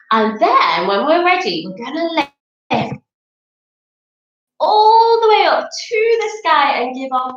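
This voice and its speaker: A woman's voice: high voice, fairly bright tone, reverberant, muffled recording. Sing-song woman teaching kids' yoga. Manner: playful, sing-song, coaxing children. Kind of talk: children's yoga class.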